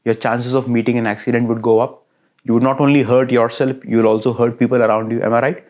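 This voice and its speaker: A man lecturing at an ordinary middle pitch. He talks in a lively way, builds repeated lists of phrases and keeps checking that his listeners follow him. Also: quick pace. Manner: lively, asks listeners frequent checking questions. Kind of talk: recorded classroom lecture.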